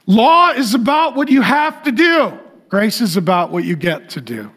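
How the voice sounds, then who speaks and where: High-voiced man preaching with emphasis. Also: very animated, normal speed. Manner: emphatic, repetitive preaching that swings from loud to hushed. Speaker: pastor. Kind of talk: sermon.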